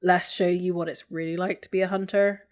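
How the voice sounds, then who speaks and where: A woman's voice: fairly low pitch, level tone, fairly quick, darkish tone. A young woman co-hosting a podcast, chatting casually with lots of fillers and laughs. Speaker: podcast co-host. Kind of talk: casual chat.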